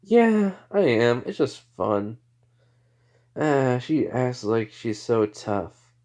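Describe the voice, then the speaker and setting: A man's voice: medium pitch, slow pace, a little mellow, close to an everyday voice. Man voicing Naruto, a cocky teen ninja. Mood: teasing. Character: cocky teenage male ninja, playful and brash.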